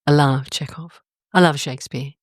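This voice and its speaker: An older Australian woman telling stories in a casual interview, animated and expressive, her pitch jumping up suddenly. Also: normal speed, no room sound, clean studio sound. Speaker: guest.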